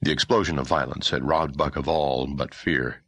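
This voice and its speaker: In a dry recording, a male audiobook narrator with a very deep, husky voice delivers a scripted passage, telling the story in a measured, expressive way.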